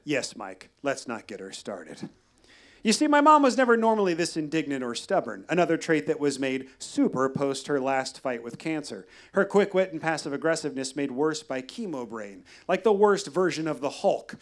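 A man telling a wry, deadpan personal story at a live storytelling show. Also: on the high side, fairly quick, few pauses. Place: live venue.

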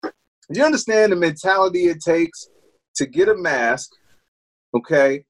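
Co-host, male, high voice, emphatic and profane, rhetorical ranting. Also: lively intonation, normal speed, low-quality recording. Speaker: podcast co-host. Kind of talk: casual political chat.

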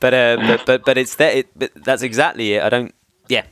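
Man, English accent, podcast host, resonant low voice, dry close recording, casual rambling chat. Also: steady tone, fairly quick, fairly bright tone, smooth, no echo. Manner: rambling, chummy, laughs often.

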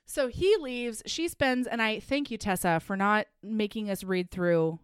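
A woman co-hosting a casual podcast, recapping a romance novel with profanity and quick acted-out asides. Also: mid-range voice, clean tone, no echo, clean studio sound. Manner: animated, profane, acts out characters in quick asides. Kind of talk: casual chat.

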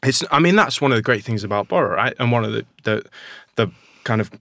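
A man's voice: medium pitch, expressive, fast talker, creaky, a bit bright, no echo. A man with a Northern English accent in a casual podcast conversation, talking enthusiastically with lots of restarts and fillers. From Northern England. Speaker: nut producer and guest.

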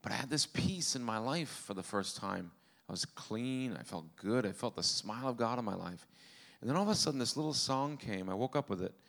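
A man's voice: medium pitch, lively intonation, a little fast, gravelly, fairly bright tone. A man preaching a testimony sermon, telling his story in an earnest way with a dry, self-mocking humor.

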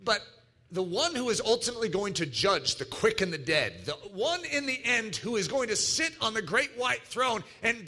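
A man preaching a sermon, emphatic and animated, acting out little quoted voices as he teaches. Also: sits high. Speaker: pastor.

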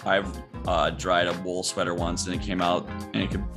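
A young man with a fairly low voice co-hosts a casual podcast, rambling through strong, blunt opinions. Faint music plays behind him. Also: little pitch movement, normal speed. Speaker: podcast co-host. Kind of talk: casual chat.

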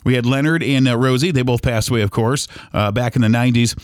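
A middle-aged podcast host from Toledo, Ohio, rambles casually about his old neighborhood, full of fillers and restarts. His mid-range voice moves quickly, captured at studio quality without echo.

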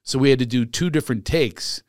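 A middle-aged man hosting a casual interview, joking and chatty and quick to laugh. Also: mid-range voice, dry recording, clean studio sound. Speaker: podcast host.

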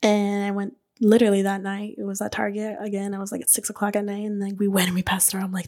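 A woman hosting a podcast, telling her own story in a casual, animated way. She fills her talk with "like", laughs often and swears freely. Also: medium pitch, quick pace, hardly any pauses. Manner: chatty and animated, many "like" fillers, laughs. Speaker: podcast host and beauty business owner.

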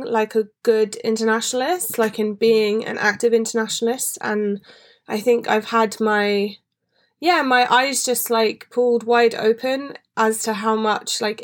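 Woman podcast host, casual emotional monologue, lots of "like"s. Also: a little high. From England. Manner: rambling, emotional, many fillers. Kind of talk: personal monologue.

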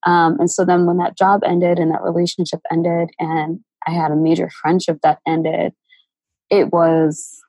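Creaky, husky-voiced woman, halting and emotional guest, dry close sound. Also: fairly low pitch, flat delivery, mellow, dry recording, low-quality recording. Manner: halting, many fillers and restarts, emotional. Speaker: interview guest. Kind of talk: candid personal storytelling.

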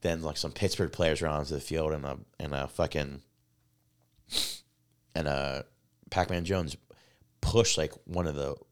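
Low-voiced man telling a rambling sports story. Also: unhurried, pauses often. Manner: rambling, excitable storytelling, heavy swearing, many fillers. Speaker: podcast co-host. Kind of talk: casual chat.

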